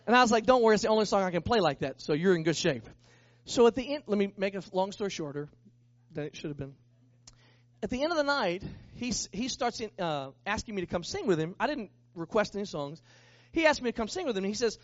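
A man who is a pastor, telling a lively story as part of a sermon and acting out the people in it. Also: sits high, brisk, dry recording, highs cut off. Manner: animated, acts out the people in his story.

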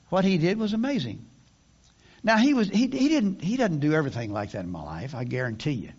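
Older preacher guy, high voice that jumps around a lot, folksy sermon, kinda muffled recording. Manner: folksy, conversational preaching with frequent restarts. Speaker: pastor.

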